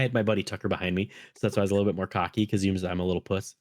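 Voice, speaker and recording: A man's voice: low voice, fairly even intonation, very fast, dry recording, studio quality. A man hosting a podcast, telling rambling stories with lots of swearing in casual chat. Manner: rambling storytelling, swears often. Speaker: podcast host.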